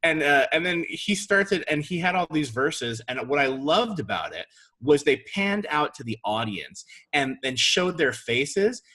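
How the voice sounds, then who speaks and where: A man's voice: on the high side, big pitch swings, measured pace, pushed and bright, breathy edge. A man co-hosting a casual fan podcast, chatty and enthusiastic. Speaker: podcast co-host.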